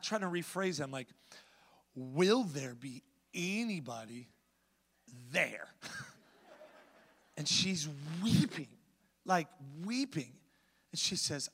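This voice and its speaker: High bright-voiced man preaching in a hall. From United States. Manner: animated storytelling, swelling to loud preaching. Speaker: pastor. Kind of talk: sermon.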